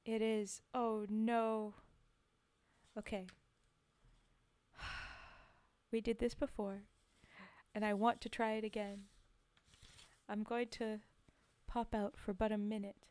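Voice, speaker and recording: A woman streamer chatting casually and haltingly between poems, with many soft fillers. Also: medium pitch, flat delivery, clear, resonant tone, dry recording. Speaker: streamer reading poetry. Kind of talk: casual live-stream chat.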